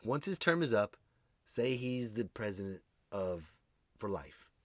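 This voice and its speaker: A man riffing through a comedic podcast monologue, jumping from loud bursts to muttered asides. His pitch swings widely as he goes. The sound is dry and close, with no room around it. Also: sing-song, measured pace, dry recording. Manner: rambling and jokey, swinging between loud outbursts and muttered asides. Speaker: podcast host.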